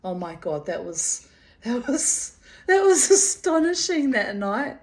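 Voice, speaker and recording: A woman reading her old diary entries aloud and breaking off into animated, laughing, rambling asides. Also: a little high, takes it slowly, poor audio. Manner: animated, laughing, digressive storyteller.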